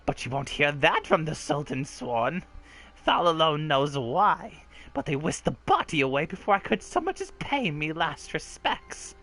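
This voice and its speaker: A woman's voice: deep voice, big pitch swings, unhurried, fairly bright tone, pitched below the performer's own voice, full character voice. A woman voicing a bitter, grieving old mother with a rustic crone dialect. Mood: grim. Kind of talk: reading game dialogue aloud in character.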